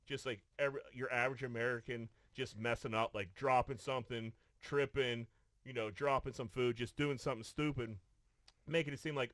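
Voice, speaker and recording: During casual podcast studio chat, a male co-host tells a profane story, often starting over and performing quotes. His mid-range voice has fairly even intonation and a fairly bright tone, he speaks a little fast, and no room sound comes through.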